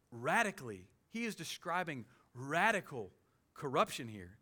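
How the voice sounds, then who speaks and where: A man with a Southern US accent preaching a sermon as pastor, animated, with quick humorous asides. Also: fairly high pitch. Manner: animated preaching, with sudden loud jokey voices and soft asides.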